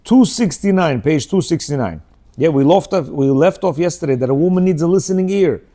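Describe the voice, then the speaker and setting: Male teacher leading a religious study class; warm, slightly high voice, chatty, acts out little scenes. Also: animated, brisk. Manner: conversational, asks rhetorical questions and acts out quoted dialogue; uses Hebrew religious terms.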